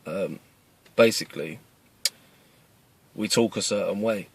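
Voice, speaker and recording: A man's voice: lowish voice, a little slow, creaky, slightly rough. East london guy in his 30s, cockney accent, earnest, keeps repeating himself, sitting in his car. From East London, England. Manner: earnest, plain-spoken, repeats himself with restarts. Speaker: self-defence video maker. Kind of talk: casual talk to camera. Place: inside a parked car.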